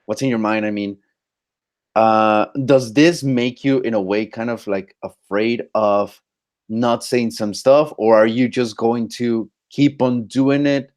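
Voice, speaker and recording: A man's voice: medium pitch, steady tone, slow, a little mellow. A man on a casual live stream as a guest, teasing and giggly, often stumbling and restarting his sentences.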